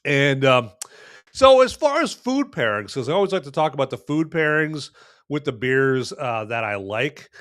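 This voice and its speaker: A man's voice: mid-range voice, sing-song, normal speed, fairly bright tone, no room sound, studio quality. A man hosting a live podcast, reviewing a beer in a rambling, folksy way with many fillers and restarts. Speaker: podcast host.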